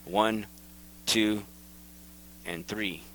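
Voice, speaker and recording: Man, video host, casual commentary, excitable, repetitive, lowish voice. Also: very slow, poor audio. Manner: excitable, repetitive, pointing things out. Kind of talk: casual commentary over photos.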